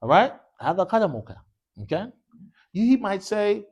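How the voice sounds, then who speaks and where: A man's voice: high voice, sing-song, moderate pace, slightly rough. A man teaching an Arabic class. He drills students call-and-response style, mixing English with short Arabic phrases and quizzing the class with repeated "what?" prompts. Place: mosque classroom.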